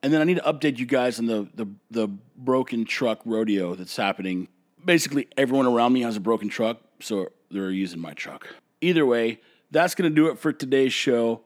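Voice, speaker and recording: A man from the United States hosting a solo podcast, giving blunt, opinionated rants that swing between calm talk and heated bursts. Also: mid-range voice, fairly quick. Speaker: podcast host.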